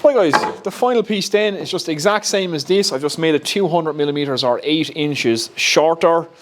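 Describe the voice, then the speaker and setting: Recording in his home workshop, a woodworking YouTuber with an Irish accent talks through a build step by step in a chatty way and laughs at himself. He speaks at normal speed with a fairly high pitch, over a noisy background.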